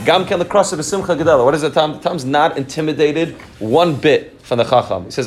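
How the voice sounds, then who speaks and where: A man teaching a story with commentary as a Torah teacher, animated, repeating words and phrases, and mixing in Hebrew and Yiddish terms. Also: on the high side, fast, hardly any pauses.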